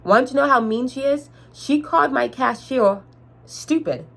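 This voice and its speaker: A young adult woman telling a storytime vlog in an animated, chatty way, speaking straight to her viewers. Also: sits high, a little slow, vocal fry. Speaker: vlogger.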